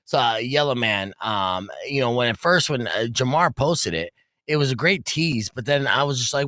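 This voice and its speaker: A man hosts a studio talk show, joking and prodding his guests in casual chat. His voice is bright and lively, rising and falling a lot. The sound is dry and close. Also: mid-range voice, normal speed, no echo. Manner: playful, joking interviewer. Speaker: host. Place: radio studio.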